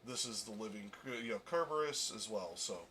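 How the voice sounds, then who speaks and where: A man's voice: fairly low pitch, lively intonation, normal speed, a loud crowd. A man hosting a casual live discussion, talking with many fillers and restarts. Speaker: stream host.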